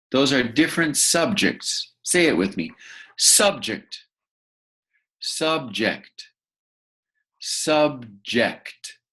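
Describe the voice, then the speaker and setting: A man's voice: mid-range voice, fairly bright tone. A man teaching vocabulary to young learners, patiently repeating words and asking the listener to say them back. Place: room with a bed, indoors.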